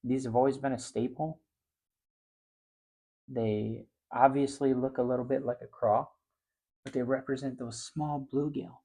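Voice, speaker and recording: Middle-aged fishing guy telling a story, casual, voice goes high and loud when he's hyped. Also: a little slow, pauses often. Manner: animated, gets loud and high when excited. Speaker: fishing show host.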